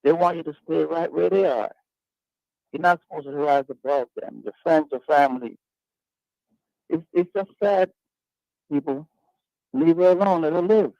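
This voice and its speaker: A man's voice: fairly high pitch, moderate pace, creaky, long pauses, no room sound. A man hosting a radio talk panel, arguing his points in an emphatic, preachy way. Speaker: radio talk show host. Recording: dull lo-fi radio sound.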